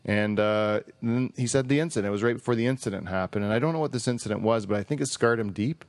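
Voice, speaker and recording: A man's voice: on the low side, quick pace, no echo. A man hosting a podcast in a casual, jokey and rambling way, reading listener feedback aloud. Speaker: podcast host.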